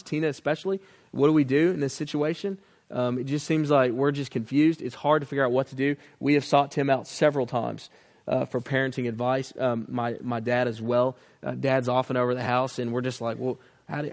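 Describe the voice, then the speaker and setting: A man in his thirties preaching a sermon on family. He speaks earnestly, tells stories, and often restarts his sentences. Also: on the high side. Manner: earnest, storytelling, with many restarts. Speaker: pastor.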